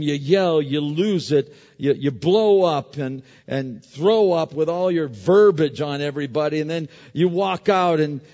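A man's voice: on the high side, darkish tone. A middle-aged man preaching a sermon in a conversational style, with stories and frequent restarts. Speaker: pastor. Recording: dull recording with long hall reverb.

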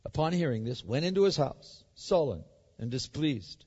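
A male pastor preaching a sermon, emphatic and animated, acting out the story as he reads it. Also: a little high, moderate pace, slightly rough. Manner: animated, emphatic, acts out the scripture. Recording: echoey hall, dull sound.

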